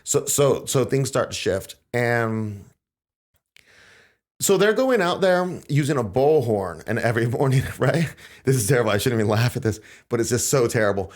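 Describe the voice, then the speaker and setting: A man hosting a podcast, telling events in a casual, animated way and acting out quotes in a raised voice. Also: medium pitch, moderate pace. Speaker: podcast host. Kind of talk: casual conversational storytelling.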